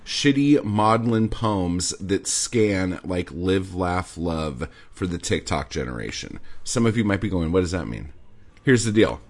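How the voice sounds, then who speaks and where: A man's voice: low-pitched, lively intonation, a little slow, hardly any pauses. Profane, sarcastic male podcast ranter. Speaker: podcast host. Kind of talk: ranting podcast commentary.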